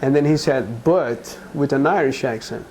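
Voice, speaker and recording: A man from Brazil, a guest in an interview, speaking earnestly and haltingly, with frequent restarts. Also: mid-range voice, a little mellow, a little hiss or hum, low-quality recording. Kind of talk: conversational interview.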